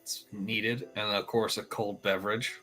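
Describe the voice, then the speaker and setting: A man telling animated stories in a relaxed group chat, swearing freely and laughing as he goes. His voice is bright and forward, and faint music plays behind him. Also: lowish voice, measured pace. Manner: animated storyteller, profane, laughing. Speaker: show regular. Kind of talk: casual chat.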